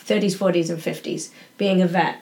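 Steady and a little mellow, a Yorkshire woman's lowish voice moves at an ordinary pace as she chats as a podcast guest. She restarts sentences often and fills her talk with "um" and "you know."

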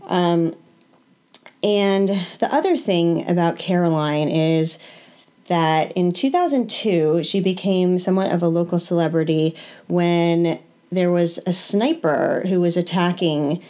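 A woman's voice: lowish voice, measured pace, warm tone. A woman hosting a radio interview, introducing her guest at length with many fillers. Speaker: radio show host.

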